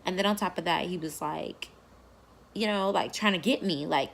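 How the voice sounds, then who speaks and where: Woman vlogger just talking, kinda low and gravelly, rambly with lots of likes. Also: moderate pace, a bit bright. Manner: rambling, full of fillers and "like". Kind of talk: casual storytelling to camera.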